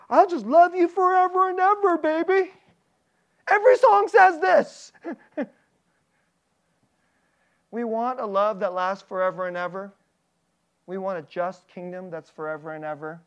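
Animated pastor, quick to laugh. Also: medium pitch. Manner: animated, laughs often between phrases; asks the audience many questions. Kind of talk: sermon.

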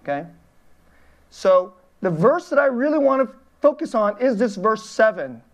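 A woman's voice: a little high, very animated, a little slow. A middle-aged woman pastor giving an informal children's sermon in a church, asking the congregation questions and laughing often.

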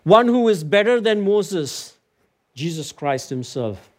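Animated preaching man, somewhat high voice. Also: takes it slowly. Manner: animated, climbs to emphatic heights when storytelling and preaching. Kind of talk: sermon with personal storytelling.

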